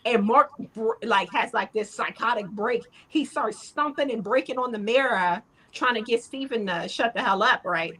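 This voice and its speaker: Animated bright-voiced woman recapping a show. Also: on the high side, normal speed, hardly any pauses, husky, rough recording. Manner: animated retelling, acts out characters' lines. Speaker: podcast co-host. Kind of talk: casual recap chat.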